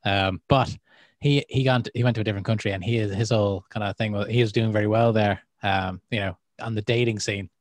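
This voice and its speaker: An Irish man co-hosting a podcast, chatting casually and telling stories with animated quoted voices. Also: on the low side, brisk, dry recording. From Ireland. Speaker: podcast co-host.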